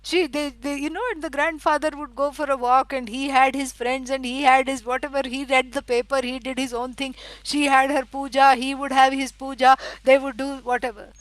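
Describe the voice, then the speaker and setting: A middle-aged woman teaching a scripture lecture. She explains at length, fills pauses with "you know" and stresses words for emphasis. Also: sits high, level tone, dry recording, rough recording. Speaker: Vedanta teacher.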